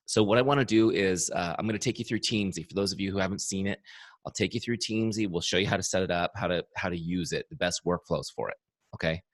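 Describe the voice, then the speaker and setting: A man who founded a software company, leading an upbeat training webinar. He talks with enthusiasm and repeats his key points, in his early morning voice. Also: sits low, fast talker, no echo.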